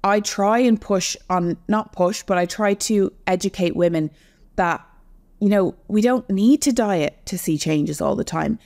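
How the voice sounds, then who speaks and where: A young adult woman who works as an online fitness coach guests on a casual podcast, explaining things earnestly and speaking directly to women listeners. Her medium-pitched voice is unhurried with a darkish tone.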